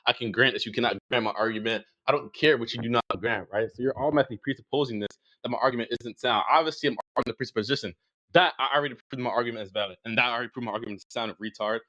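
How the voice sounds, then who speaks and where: A man's voice: medium pitch, racing, sharp tone, no echo. A young man in a heated online voice-chat debate, ranting aggressively and hurling insults at his opponent over a dull, lo-fi line.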